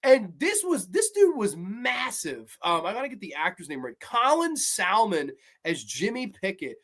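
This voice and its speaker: A man with a high voice casually reviews a horror series episode at a measured pace. Rambling and excitable, he swears freely while recounting the plot.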